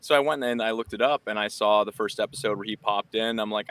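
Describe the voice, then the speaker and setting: A man, a guest on a podcast, casually telling how he found the show with animated retellings. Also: fairly low pitch, quick pace, hardly any pauses, dry recording. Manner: chatty, animated retelling with acted quotes. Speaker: podcast guest, music creator. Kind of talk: casual storytelling.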